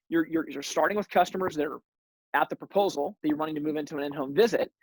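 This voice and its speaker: Energetic man coaching on sales. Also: a little high, dry recording, poor audio. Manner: energetic coaching, repeats words when starting. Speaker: webinar host. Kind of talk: sales training webinar.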